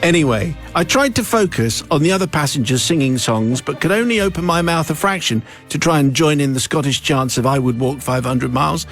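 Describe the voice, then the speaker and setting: A man's voice: on the high side, animated, fairly quick, hardly any pauses, a bit bright, faint music behind. A man hosting a radio show, reading a listener's letter aloud in a playful, amused, theatrical way. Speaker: radio host. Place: radio studio.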